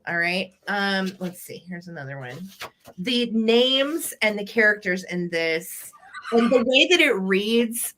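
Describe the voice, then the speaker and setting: A woman's voice: mid-range voice, expressive, slow, sharp tone. A woman hosting a casual vintage live sale, giggling as she reads a children's book aloud. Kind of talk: casual live-stream selling chat.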